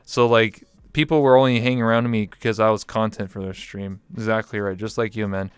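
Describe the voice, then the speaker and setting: A lower-voiced man speaking as an interview guest, candid and reflective, leaning on fillers. His voice is very smooth and clear, recorded dry and close with no room sound. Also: level tone, a little fast, no room sound. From Canada. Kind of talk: casual interview chat.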